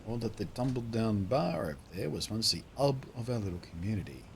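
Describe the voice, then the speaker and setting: A man's voice: fairly low pitch, sing-song, fairly quick, vocal fry, a little hiss or hum. A man voicing a hopeful young woman from a game who wants to revive a mining town, speaking in an eager, pleading way.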